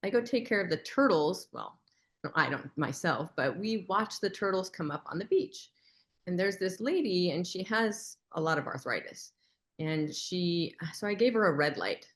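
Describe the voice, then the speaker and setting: A woman's voice: fairly low pitch, moderate pace. Woman telling stories on a webinar. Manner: lively storyteller who acts out quoted lines. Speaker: webinar co-presenter. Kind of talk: casual webinar talk.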